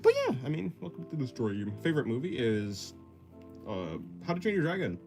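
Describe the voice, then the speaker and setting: A man's voice: mid-range voice, big pitch swings, brisk, a little mellow, soft background music. A man livestreaming while he sketches, reading chat aloud and rambling in a self-deprecating way that often breaks into laughs. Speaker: art livestreamer.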